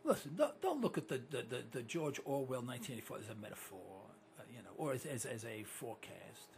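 A male radio talk show host, delivering an animated, ranting, opinionated monologue into a studio microphone. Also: mid-range voice, fast talker, creaky, slightly rough. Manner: animated and ranting, with repeated catchphrases.

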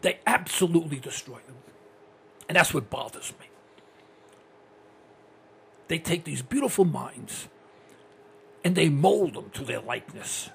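Excitable older talk radio host, gravelly. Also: male voice, on the high side, moderate pace, pauses often. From United States. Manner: ranting, excitable, blunt.

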